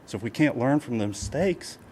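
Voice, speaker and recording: A man's voice: medium pitch, animated, a little fast, darkish tone, a little hiss or hum. Emotional man pleading at a public meeting. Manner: emotional, pleading, repetitive with many "you know"s. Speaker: property owner speaking at public comment. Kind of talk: public comment at a county meeting. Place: county meeting room.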